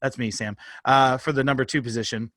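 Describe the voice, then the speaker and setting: A man's voice: mid-range voice, fairly even intonation, fairly quick, a bit bright, no echo. Guy cohosting a sports podcast, rambly and jokey, swears a lot, dry close sound. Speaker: podcast co-host. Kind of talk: casual sports podcast chat. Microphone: phone held up, on video.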